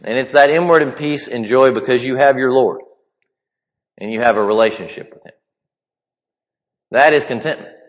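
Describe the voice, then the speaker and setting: Man, preacher, sermon, halting conversational delivery, long hall reverb. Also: medium pitch. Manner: conversational, halting, many restarts.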